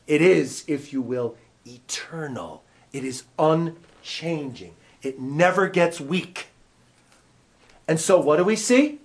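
Male pastor, lively teaching-sermon delivery, a touch higher than most men, keeps asking the room questions. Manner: animated, conversational, asks the audience questions. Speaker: pastor teaching a Bible class.

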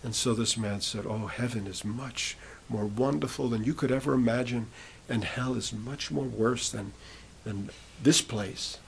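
With a mid-range, steady, creaky voice at a moderate pace, a man preaches over slight background noise. His sermon relates the story of a prisoner's conversion, taking turns quoting the people involved.

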